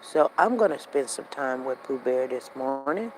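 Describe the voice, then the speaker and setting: A woman hosting a casual show, telling a family story in a repetitive, animated, conversational way while walking outdoors. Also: rumbling low, moderate pace, a little hiss or hum, low-quality recording. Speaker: show host. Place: walking outdoors near traffic.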